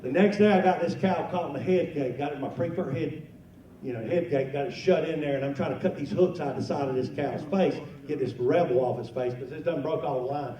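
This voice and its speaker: A man's voice: on the high side, brisk, dark tone. An older man telling folksy stand-up stories to a lunch crowd, getting rowdy on the punchlines. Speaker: comedian, lunch speaker. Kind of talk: storytelling stand-up. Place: banquet hall at a lunch event. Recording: roomy hall, miked from a distance, faint noise.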